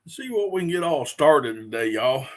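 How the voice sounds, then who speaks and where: A middle-aged man hosts a casual live stream, talking in a relaxed, rambling way with many fillers. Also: on the high side, normal speed. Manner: laid-back, rambling, with fillers and restarts.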